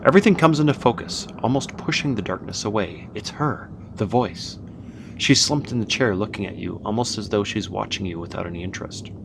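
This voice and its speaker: A man reading a narrative horror game's text aloud, with halting asides between smoothly read passages. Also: lowish voice. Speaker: gameplayer narrating. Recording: noisy home setup with background music.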